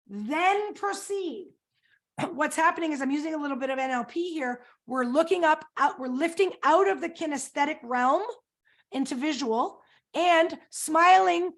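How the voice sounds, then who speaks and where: A middle-aged woman coach giving an energetic webinar presentation, often quizzing her audience with questions. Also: high voice.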